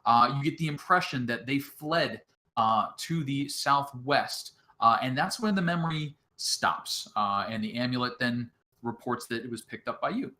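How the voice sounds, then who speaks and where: A man narrating as game master of an online tabletop game, halting often with filler sounds between phrases. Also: mid-range voice, animated, pushed and bright.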